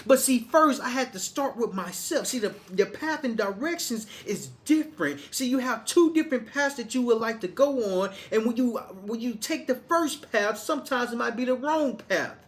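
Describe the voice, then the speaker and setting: A man's voice: very high-pitched, animated, normal speed, few pauses. A man from Arkansas, giving a motivational monologue in a preachy, repetitive way with many restarts. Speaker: motivational speaker.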